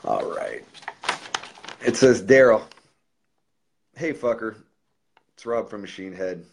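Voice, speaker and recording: A man's voice: lowish voice, slow, gravelly, long pauses. A man, a musician, talking casually on a livestream and reading aloud a letter he wrote, swearing freely and speaking from the heart. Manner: profane, loose and heartfelt.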